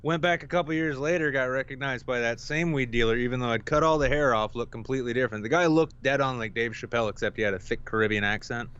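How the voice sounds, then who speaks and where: A man's voice: mid-range voice, fast, hardly any pauses, fairly bright tone, clear, resonant tone, lo-fi sound. A man co-hosting a podcast, telling a long story in casual chat with loose, profane, playful delivery. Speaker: podcast co-host.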